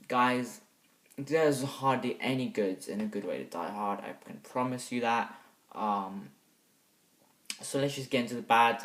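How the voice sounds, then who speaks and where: Casual young male reviewer, mid-pitched, hesitant with loud bursts, roomy and distant mic. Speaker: movie reviewer. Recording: echoey room, mic set back.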